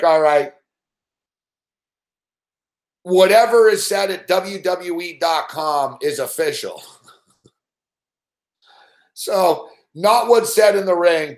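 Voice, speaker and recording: His voice high and his language nonstop profane, a sports betting show host rants on a live stream about losing a bet, animatedly playing out every moment. A bare room's echo surrounds him.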